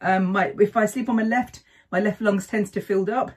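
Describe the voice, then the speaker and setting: A middle-aged woman shares health advice on breathing in a chatty talk to camera, frequently asking "okay?". Her mid-range voice is husky and steady, with a darkish tone and normal speed.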